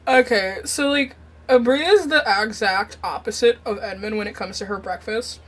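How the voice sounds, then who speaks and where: A woman's voice: on the high side, moderate pace. A woman on a video call, playing in an online tabletop game, who describes her character in an easygoing way with lots of fillers. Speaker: player. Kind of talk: casual online tabletop role-play.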